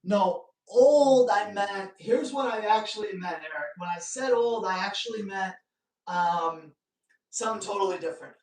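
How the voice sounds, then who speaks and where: Man, live-stream host, animated storyteller, joking asides, roomy echo, sits back from the mic. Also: high voice, moderate pace. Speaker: dog trainer hosting a live Q&A. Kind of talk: casual live-stream talk. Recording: echoey room, distant mic.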